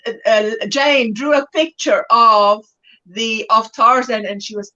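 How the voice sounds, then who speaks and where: A woman's voice: fairly high pitch, a little slow, pushed and bright, highs cut off. A South African woman hosting a crochet livestream, chatting playfully, giggling often, and reading viewer comments aloud.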